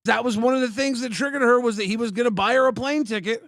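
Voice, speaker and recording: A man with a very high voice and a gravelly fry explains himself defensively. He talks hesitantly, stumbling and restarting his words. The sound is dry and close. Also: fast talker, a bit bright, no room sound. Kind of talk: defensive explanation in recorded call.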